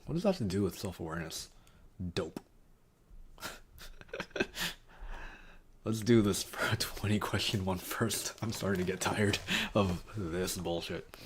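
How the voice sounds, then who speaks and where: A man's voice: low-pitched, husky. A man streaming casually, reading quiz options aloud and muttering wry, sarcastic asides.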